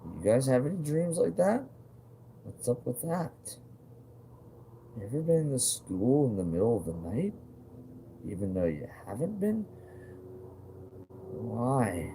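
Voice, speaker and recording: A man's voice: mid-range voice, very animated, measured pace, vocal fry, pauses often, dark tone, a little hiss or hum. A man talking straight to his viewers in a rambling monologue, agitated and profane, full of fillers and repeated questions.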